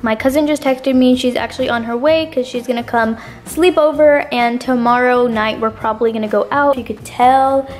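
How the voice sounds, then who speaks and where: A woman's voice: a little high, fairly even intonation, normal speed, few pauses, darkish tone. A young woman vlogging casually to camera at home, chatty and full of "like" and "literally". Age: young adult. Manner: chatty, filler-heavy, says "like" and "literally" often. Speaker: college vlogger. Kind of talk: casual vlog talk to camera. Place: indoors at home. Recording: roomy, echoey room with music behind.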